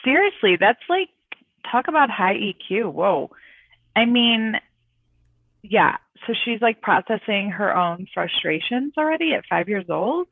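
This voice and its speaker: A woman's voice: medium pitch, big pitch swings, measured pace, no room sound. Middle-aged female co-host heard over a tinny remote line, reflective and encouraging. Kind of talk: casual chat. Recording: dry tinny phone-like call audio.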